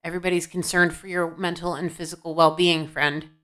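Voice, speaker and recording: A fairly low, slightly bright voice comes across flat and brisk. At home, the woman gives an intuitive tarot-style reading to camera, blunt and scolding, questioning her guides and answering herself.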